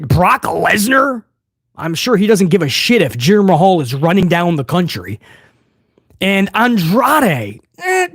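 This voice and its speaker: Animated, excitable man recapping wrestling. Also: sits high, no room sound, studio quality. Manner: excitable, sarcastic, swears casually, frequent restarts. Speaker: wrestling commentary vlogger. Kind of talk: casual recap commentary.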